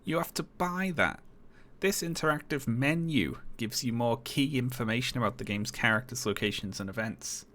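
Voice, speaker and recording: A man's voice: medium pitch, moderate pace, hardly any pauses, sharp tone. A man streaming live, chatting casually, chuckling and reading on-screen text aloud with dry remarks.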